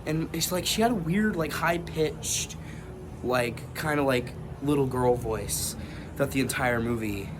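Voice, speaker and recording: A man hosting his own movie review channel, talking casually at home in a rambling, animated way with some swearing. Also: medium pitch, unhurried, noisy background.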